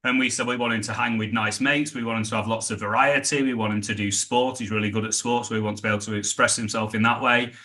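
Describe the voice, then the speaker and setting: A middle-aged British man, a sales trainer, telling animated stories in a podcast interview and acting out the dialogue. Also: on the low side, fast talker, few pauses. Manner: animated anecdotes, acts out quoted dialogue.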